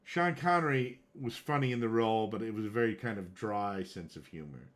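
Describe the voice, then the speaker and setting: A man's voice: on the low side, fairly quick. A man chatting casually on a game livestream, rambling, searching for names and getting worked up at times. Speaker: livestream gamer chatting with viewers. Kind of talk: casual chat.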